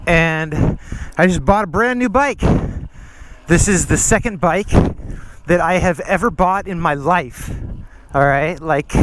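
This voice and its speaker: A man's voice: a little high, fairly bright tone, slight background noise. A man out of breath, vlogging casually while riding a trail, rambling and slangy. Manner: slangy and rambling, says dude and freaking. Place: outdoor trail.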